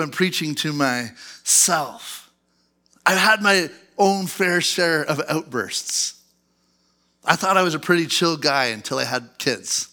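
A male pastor in his thirties preaching a sermon in church, animated and acting out angry outbursts. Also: fairly high pitch. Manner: animated, acts out outbursts in a loud put-on voice.

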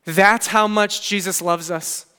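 A man preaching a sermon in an earnest, conversational way, his voice high and bright with a smooth, resonant clarity. His words ring out with a long hall reverb behind them. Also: fairly even intonation, slow pace. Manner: earnest preaching with frequent "okay" asides and paraphrased storytelling. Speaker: pastor.

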